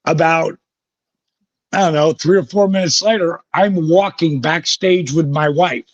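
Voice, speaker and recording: A man being interviewed, telling lively, profane stories and acting out the voices of the people in them. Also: a little high, a little slow, dry recording. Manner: vivid, profane storytelling that acts out quoted voices. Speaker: guest, former pro wrestler. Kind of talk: animated storytelling interview. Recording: dull lo-fi recording.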